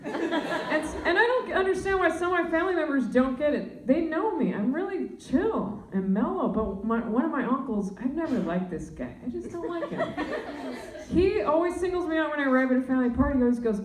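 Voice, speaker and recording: A young woman doing stand-up comedy, talking in a low, deadpan voice with deep tones. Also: fairly quick, roomy sound, recorded from a distance, poor audio. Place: comedy club stage.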